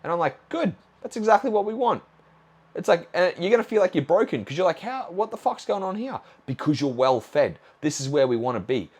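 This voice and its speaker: A man hosting a solo nutrition podcast, blunt and casual with frequent swearing, acting out conversations with clients. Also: mid-range voice. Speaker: nutrition coach and podcast host.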